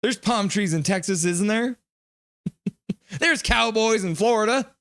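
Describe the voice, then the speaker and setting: A man hosting a live hockey reaction stream, calling plays and reading out chat messages with excitement. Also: high voice, slow, dry recording, clean studio sound. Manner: excitable, chatty, reads chat aloud.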